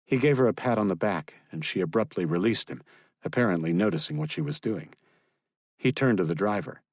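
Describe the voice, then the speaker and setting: A man narrating a thriller audiobook in a steady, even storytelling manner. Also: deep voice, normal speed, no echo, studio quality.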